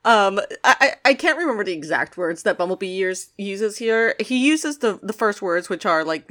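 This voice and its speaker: Lively woman joking through a podcast. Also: medium pitch, moderate pace, hardly any pauses. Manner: laughs often, joking interjections. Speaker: podcast co-host. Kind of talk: casual chat.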